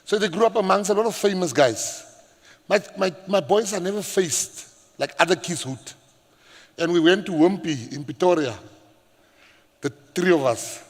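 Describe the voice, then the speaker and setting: A middle-aged South African man, a government minister, giving a public speech and telling stories in an animated way, laughing and shouting as he acts them out. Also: high-pitched, normal speed. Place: large hall at a public event. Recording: reverberant hall.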